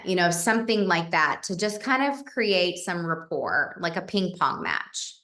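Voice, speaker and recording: A woman's voice: on the low side, expressive, unhurried, hardly any pauses, a bit bright, roomy sound. A woman leading a casual team training, chatty and coaching, acting out example messages.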